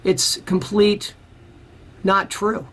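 A man's voice: high-pitched, very slow. A man being interviewed about his music career, telling a long story in a casual, rambling way and acting out the people he quotes. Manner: animated storyteller who acts out the people he quotes; rambling, with many restarts.

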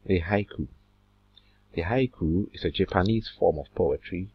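A man teaching a literature lesson, slow and deliberate, drawing out words as he counts syllables, with a husky voice. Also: low-pitched, no room sound. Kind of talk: recorded classroom lesson. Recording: dull lo-fi recording.

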